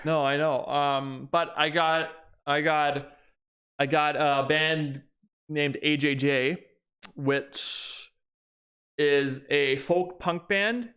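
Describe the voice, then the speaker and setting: This young podcast co-host has a slightly high, fairly bright voice with a steady tone, and he draws out his words. He rambles through casual conversation, frequently starting sentences over.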